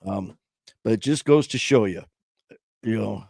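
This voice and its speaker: A man with a lowish voice tells a story to his viewers in an earnest, rambling way, stopping and restarting often. He is hosting a sobriety support livestream from a small home studio. The sound is close and dry, with no room echo. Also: measured pace, gravelly, darkish tone.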